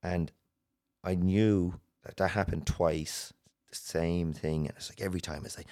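An Irish man telling a personal story as a podcast guest, earnest and halting, with many restarts. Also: low-pitched, steady tone, vocal fry, darkish tone. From Ireland.

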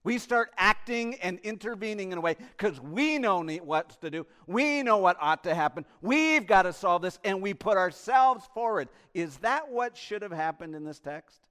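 A male pastor delivering an impassioned sermon, swinging between loud emphasis and hushed asides and posing rhetorical questions to the congregation. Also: high voice, lively intonation, moderate pace, few pauses, clean tone.

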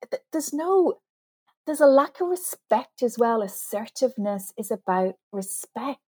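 A woman author, interviewed as a guest, earnestly explains communication skills and sometimes laughs at herself. Her voice is a little high, warm, and slightly rough.

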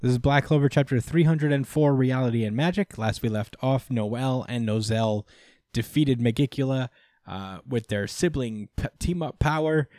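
A man's voice: medium pitch, normal speed, dry recording, clean studio sound. Laid-back man recapping manga chapters. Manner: relaxed, many fillers, acts out characters in quotes. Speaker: podcast co-host. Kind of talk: casual manga review chat.

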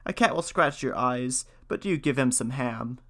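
A man reading a folktale, voicing a kind aunt who gives gentle, careful instructions. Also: medium pitch, lively intonation, normal speed. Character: kind, protective older aunt.

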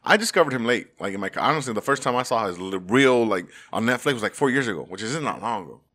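A man chatting casually as a comedy host, telling animated stories, acting out quotes and laughing often. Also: medium pitch, quick pace. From Salvadoran family roots. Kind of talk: casual podcast chat.

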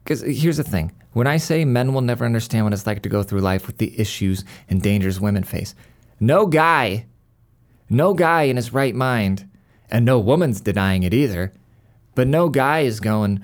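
A man's voice: mid-range voice, animated, normal speed. A male podcast host in a worked-up, profane monologue, stumbling over restarts as he rants.

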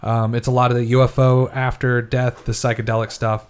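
A man hosting a casual podcast, talking in a relaxed, meandering way. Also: mid-range voice, fairly quick, clean tone. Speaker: podcast host. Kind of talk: casual chat.

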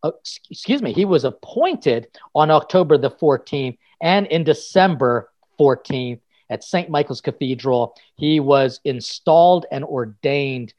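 Upbeat priest hosting a chat, higher voice. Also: male voice, expressive, darkish tone. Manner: upbeat, jokey, quick asides. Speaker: priest and podcast host. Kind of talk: casual interview chat.

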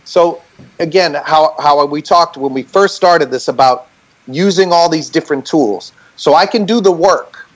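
A man speaking over a remote call in a relaxed, explanatory way. His voice sits somewhat high for a man, and he keeps the thread moving by checking in with "right?" as he explains. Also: measured pace, rough recording. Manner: animated, talks things through with many "right?" checks. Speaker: band member on a group call. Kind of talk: casual explanatory chat.

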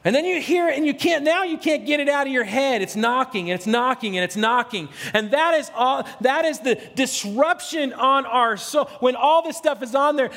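A man's voice: extremely high pitch, expressive, normal speed, few pauses, fairly bright tone, in a large hall. A middle-aged man, a pastor, preaching an earnest, conversational sermon full of repetition and restarts.

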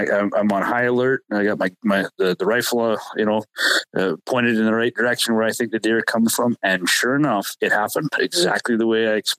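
Man, low voice, dry close sound, rambling hunting storyteller, casual chat. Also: fairly bright tone, no room sound, poor audio. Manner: rambling, self-correcting storyteller. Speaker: podcast host telling a hunting story.

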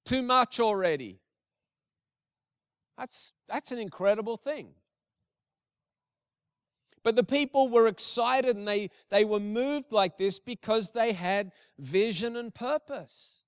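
A man's voice: high-pitched, takes it slowly, clear, resonant tone, no room sound, studio quality. A middle-aged male pastor giving a conversational sermon with emphatic repetition.

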